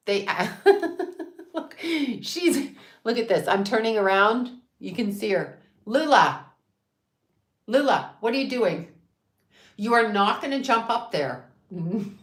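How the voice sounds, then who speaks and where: Psychic lady ranting on her channel, cussing, bright sharp voice, a bit high, echoey room. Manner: defiant, profane, repeats herself for emphasis. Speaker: psychic medium and astrologer. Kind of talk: ranting livestream chat.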